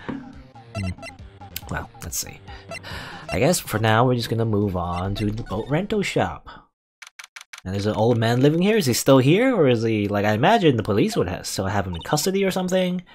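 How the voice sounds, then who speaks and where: A man commenting casually on a game as he plays, musing aloud with fillers and quick asides. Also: medium pitch, big pitch swings, a little mellow, soft background music. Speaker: let's play gamer.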